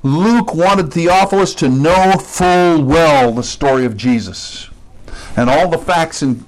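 A man's voice: on the high side, rough recording. A man preaching an expository sermon, stressing key words and putting questions to his listeners.

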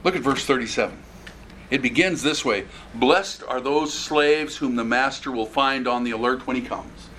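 A pastor delivers an expository sermon in a medium-pitched male voice at normal speed, with a little hiss or hum in the background. He's animated, acting out the voices in the scripture passage and putting questions to the congregation.

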